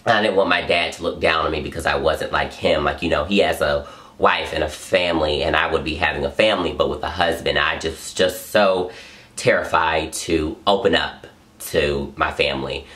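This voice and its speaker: A man's voice: rumbling low, steady tone, normal speed, a bit bright. A young man telling a personal story straight to camera in an earnest, gushing vlog, often repeating himself. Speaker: vlogger. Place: home in Los Angeles.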